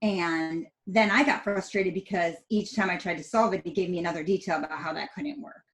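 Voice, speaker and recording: A woman's voice: lowish voice, brisk, rough recording. A middle-aged woman, a podcast guest, chatting casually and acting out family moments as she tells her story. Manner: animated storyteller, acts out family dialogue.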